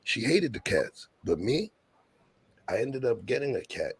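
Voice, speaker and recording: A man's voice: sing-song, unhurried, no room sound. A man from Brooklyn, hosting a laid-back streamed chat and telling stories in street slang. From Brooklyn, New York. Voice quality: deep, gravelly and husky. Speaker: show host.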